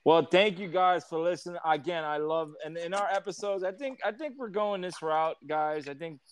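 A man's voice: a little high, normal speed, smooth, no room sound. A man hosting a podcast in loose, profane, laughing banter. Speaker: podcast host. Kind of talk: casual chat.

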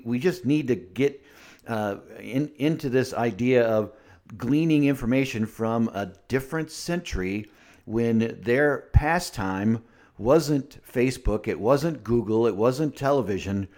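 A man's voice: medium pitch, darkish tone. A man co-hosting a podcast and teaching, speaking in a reflective, musing way. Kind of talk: casual podcast chat.

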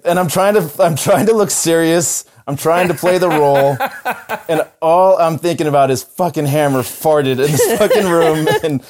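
A man's voice: a little high, a little mellow. A man who is a former wrestler, hosting a casual podcast chat and telling stories full of swearing and laughter. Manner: profane, laughing storyteller.

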